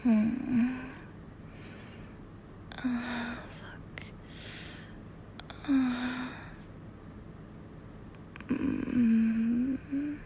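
A woman with a sleepy morning voice, whispering close to the mic with soft laughs in an intimate monologue. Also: a little high, flat delivery, very slow, pauses often, a little hiss or hum. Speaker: audio creator.

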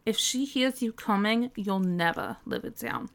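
A woman's voice: medium pitch, measured pace, vocal fry. A woman acting out a teasing, bossy young woman in a scripted audio role-play, giggling and scolding in mock disgust.

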